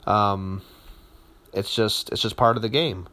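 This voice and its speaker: A man in his thirties, a competitive powerlifter, telling his story in a relaxed, candid way with many fillers and repeated words. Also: fairly low pitch, measured pace. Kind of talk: casual spoken account.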